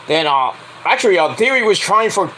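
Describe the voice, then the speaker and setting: A man recaps wrestling matches in a casual, profane way, mocking the people he talks about and acting out their lines. His voice sits high and bright, and his pitch leaps around as he talks. A faint hiss of room noise runs behind him. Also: very animated, brisk, rough recording. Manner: blunt and profane, acts out quotes in mocking voices. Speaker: wrestling show reviewer.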